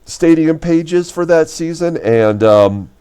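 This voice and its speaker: A man hosting a baseball replay channel, talking casually with a deep, rough voice from a recent illness and lots of fillers. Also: expressive, slow pace, warm tone. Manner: loose, rambling, full of fillers. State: deep sick voice recovering from illness. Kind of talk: casual game commentary.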